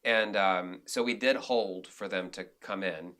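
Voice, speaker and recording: A man talks as a podcast guest, telling stories in an animated, rambling way full of restarts. His voice sits somewhat low but comes through bright and forceful. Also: a little slow. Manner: animated storyteller, many restarts and "like"s. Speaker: guest, director and actor. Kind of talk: casual interview storytelling.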